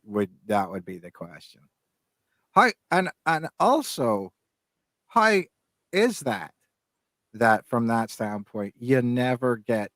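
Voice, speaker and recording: A man's voice: medium pitch, no room sound. A man in his fifties co-hosting a podcast, rambling through casual chat with lots of restarts and fillers. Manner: halting, many restarts and fillers. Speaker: podcast co-host.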